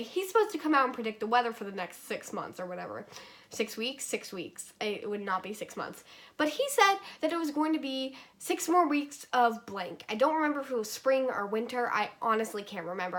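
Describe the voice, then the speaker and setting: A chatty young woman from North Carolina rambles through a casual vlog, peppering her talk with likes and okays. Her voice sits a little higher than most women's. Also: a bit bright. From North Carolina, USA. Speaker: vlogger.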